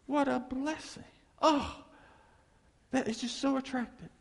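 A man voicing a dull, orderly man who talks softly and admiringly, recorded in a reverberant hall. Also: extremely high pitch, fairly even intonation, measured pace, gravelly, voice pushed up, heavily acted.

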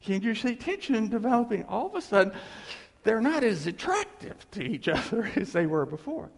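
A man giving a lively, jokey lecture, acting out characters in his examples, recorded in a reverberant hall. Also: sits high, moderate pace, creaky. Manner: animated, jokey, acts out characters. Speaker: seminar speaker.

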